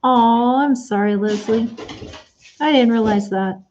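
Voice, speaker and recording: A woman's voice: fairly high pitch, a little slow, a little mellow, dull audio, slight background noise. A woman chatting casually on a live stream while she sews at home, answering viewers' comments by name. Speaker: Etsy shop owner live-streaming while sewing.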